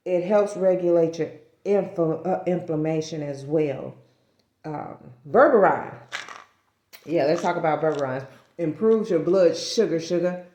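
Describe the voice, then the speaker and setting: A woman with a warm, lowish voice talks casually to the camera in a talking-head vlog. She rambles, corrects herself, and laughs at her own stumbles, and the room sounds echoey.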